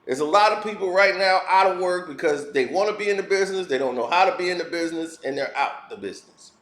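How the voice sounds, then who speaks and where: Heated high-voiced man ranting. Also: expressive, quick pace, fairly bright tone, slight background noise. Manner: blunt, heated and preachy. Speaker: commentary vlogger. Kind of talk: ranting opinion commentary. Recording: roomy echo.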